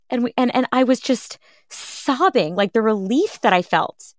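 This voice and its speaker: A podcast host in her thirties, interviewed about her story, talks at a normal pace in a voice on the higher side. The sound is clean studio audio with no room sound. Her tone is earnest and reflective, and she often reenacts what people said to her with lively energy.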